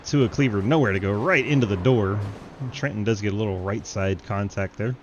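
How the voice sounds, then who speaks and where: A man giving live, joking play-by-play commentary on an online race, laughing often and getting excited at crashes. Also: lowish voice, a little fast, dull audio, slight background noise. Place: home setup, online sim race broadcast.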